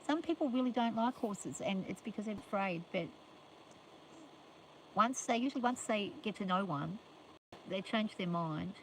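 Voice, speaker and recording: A woman's voice: mid-range voice, lively intonation, moderate pace, long pauses, a little hiss or hum, poor audio. An older woman livestreaming from her farm in a chatty, rambling way, talking to viewers and scolding her animals playfully. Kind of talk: casual livestream chat. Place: outdoors on a farm.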